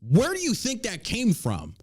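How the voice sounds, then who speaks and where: This male podcast host speaks in a high-pitched, breathy voice with huge pitch swings, at a slightly slow pace. His casual political commentary is a profane, mocking rant.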